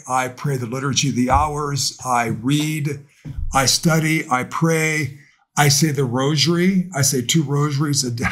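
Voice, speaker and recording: A man, a priest, preaching a sermon to camera in a conversational, earnest way, asking rhetorical questions. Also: on the high side.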